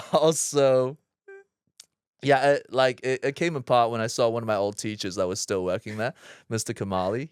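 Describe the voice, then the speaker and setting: A man's voice: mid-range voice, smooth, no echo, clean studio sound. A man in his thirties, an actor guest telling personal stories in a chatty, self-deprecating way with loose fillers. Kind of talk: casual interview storytelling.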